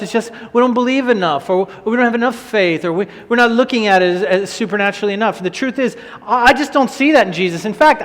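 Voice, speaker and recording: A man preaching a sermon in an animated, conversational way, often repeating phrases for emphasis. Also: sits high, big-room sound.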